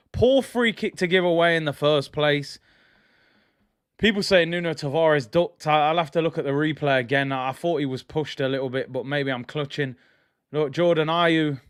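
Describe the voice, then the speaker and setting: A young man hosting a live football watch-along, reacting emotionally and often breaking into frustrated shouting. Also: fairly high pitch, moderate pace, smooth, dry recording, studio quality. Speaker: fan stream host.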